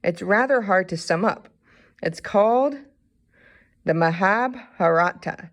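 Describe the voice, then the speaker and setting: Woman reads a wise old poet, gentle and calm, storybook style. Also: mid-range voice, takes it slowly, lightly acted. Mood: kindly.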